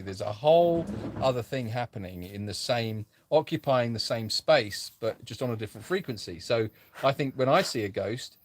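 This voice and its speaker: A man co-hosting a casual live chat, wandering from thought to thought in a rambling, musing way. His pitch swings widely and animatedly as he talks. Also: a little hiss or hum. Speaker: sanctuary co-host.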